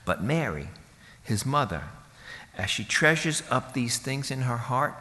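A male pastor delivering a sermon with a bright, forceful tone. He talks casually, cracks jokes and slips into voices for the people in his story. His voice rings out with a long reverb, like a church sanctuary. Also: mid-range voice, expressive, unhurried. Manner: conversational, jokey, acts out voices of people in the story.

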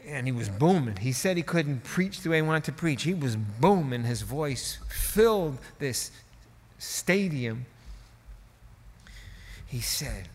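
A man's voice: mid-range voice, animated, slow pace, big-room sound. A male preacher telling a story in a sermon, in a conversational, folksy way with asides.

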